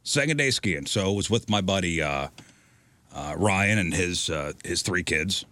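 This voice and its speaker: A man's voice: low voice, a little slow. A man telling a story in casual chat on a podcast, acting out the lines he quotes. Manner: animated storyteller, acts out quotes. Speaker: podcast co-host.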